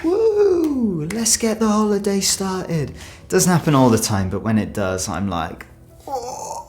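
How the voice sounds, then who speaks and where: A young man with a British accent talks straight to camera in a chatty, earnest vlog. His voice sits on the low side, and he slips into small acted voices to make a point. The sound is clean and close, from a studio mic. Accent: British English. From Britain. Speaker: travel YouTuber. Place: home studio.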